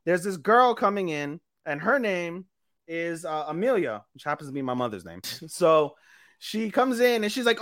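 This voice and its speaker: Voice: mid-range voice, sing-song, moderate pace, fairly bright tone. Profane, rambling podcast storyteller. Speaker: podcast co-host. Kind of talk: casual chat recapping an anime.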